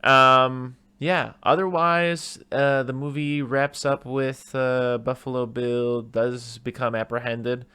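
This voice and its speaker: A man's voice: mid-range voice, slow, hardly any pauses, smooth. A man hosting a casual movie podcast, rambling through stories and acting out quotes as he goes. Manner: rambling, animated retelling with put-on quotes. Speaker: podcast host.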